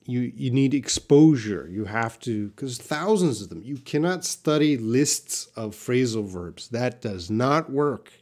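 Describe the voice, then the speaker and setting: Man, english teacher, live-stream lesson, unhurried, mid-pitched voice. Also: animated, a little mellow. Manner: slow, patient, reads out viewer questions. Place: classroom with a whiteboard.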